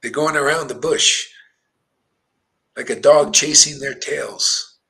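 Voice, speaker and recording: Blunt, forceful male preacher. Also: fairly high pitch, steady tone, slow pace, gravelly, low-quality recording. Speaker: spiritual teacher. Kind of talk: devotional sermon talk.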